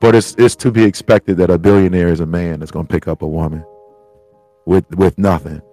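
Low-voiced man musing aloud, profane. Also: steady tone, brisk, dark tone, soft background music. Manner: rambling, profane, heartfelt. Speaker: podcast host. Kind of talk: solo reflective monologue.

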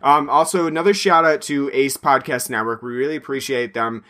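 A male podcast host talks in a loose, meandering way. His voice is bright and carries steadily at an even middle pitch. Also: brisk. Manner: chatty and meandering, plugs the show. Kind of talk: casual podcast chat.

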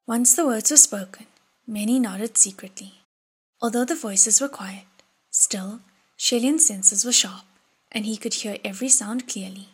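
Breathy, husky woman reading an audiobook. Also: a little high, unhurried. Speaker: audiobook narrator. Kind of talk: audiobook narration.

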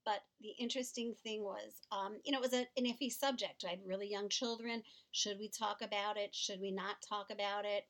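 A middle-aged woman co-hosting a podcast, speaking earnestly and warmly about a serious topic, often repeating words as she goes. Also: medium pitch, fairly even intonation, brisk, few pauses. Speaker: podcast co-host.

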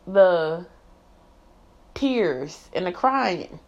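A woman speaks straight to camera in a personal vlog, blunt and emphatic, cursing casually and laughing as she talks. Her voice sits on the lower side. The recording is slightly muffled and lo-fi. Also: moderate pace, a little mellow. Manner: candid and emphatic, swearing freely, laughing often. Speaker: vlogger. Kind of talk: candid personal monologue. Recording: slightly dull lo-fi sound.

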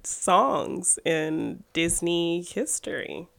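A woman's voice: lowish voice, sing-song, drawn-out words, gravelly, a bit bright, slight background noise. A woman co-hosting a casual film discussion, laughing often as she talks.

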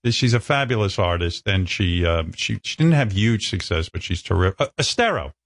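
A man hosting a radio talk show, brash and animated, swearing freely as he trades banter. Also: low-pitched, brisk, dry recording. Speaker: radio host.

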